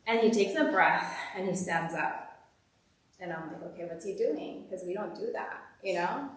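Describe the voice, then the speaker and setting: A woman's voice: lowish voice, slow, pauses often. A woman giving a candid, conversational personal testimony as guest speaker at a church service. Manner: candid, conversational, uses "like" often. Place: church hall. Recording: echoey hall from far off.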